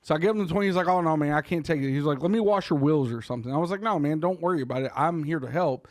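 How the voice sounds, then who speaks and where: A man chats on a podcast, telling long profane stories and laughing often. His voice sits a little high and sounds dry and close to the mic. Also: very fast, no room sound. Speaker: podcast co-host. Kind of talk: casual chat.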